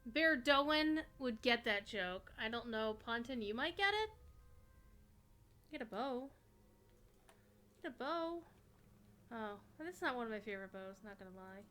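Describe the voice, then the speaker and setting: A woman livestreaming a game, chatting in a rambling way with sudden excited outbursts. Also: fairly high pitch, normal speed, few pauses. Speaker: livestreaming gamer. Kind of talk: casual chat while playing a game.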